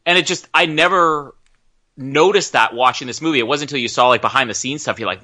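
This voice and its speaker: A man's voice: medium pitch, brisk, bright, forceful tone. A man co-hosting a podcast, talking casually and bluntly through a film commentary with lots of laughing. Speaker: podcast co-host.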